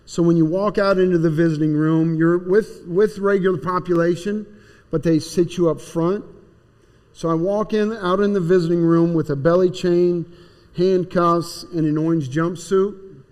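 A man's voice: high voice, fairly even intonation, normal speed, a little mellow. A man plainly and earnestly telling his personal testimony. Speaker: speaker giving personal testimony. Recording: long hall reverb.

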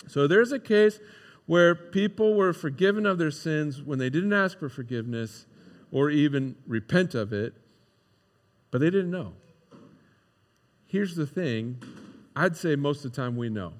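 A male pastor delivering a casual, animated sermon and acting out the voices in a parable. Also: fairly high pitch, a little slow. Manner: conversational, animated, acts out quoted voices. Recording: long hall reverb.

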